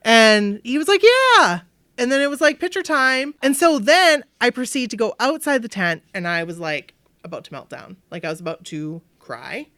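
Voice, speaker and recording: A woman's voice: fairly high pitch, moderate pace, no room sound. Chatty podcast co-host woman, dry sound. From Maine. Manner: animated storytelling with bright acted-out quotes. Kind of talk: casual chat.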